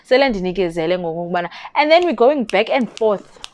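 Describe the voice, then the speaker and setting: A young South African woman with a South African accent, telling a story to camera in a casual vlog with animated, indignant bursts. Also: mid-range voice, fast, no room sound. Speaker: YouTuber.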